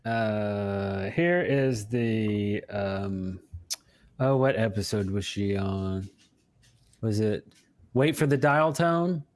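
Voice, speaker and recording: Guy cohosting a live show, chatty and laughy, voice jumps around a lot, reads chat out loud. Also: on the low side, very slow, no echo. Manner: animated, laughs often, reads chat aloud. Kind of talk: casual live-stream chat.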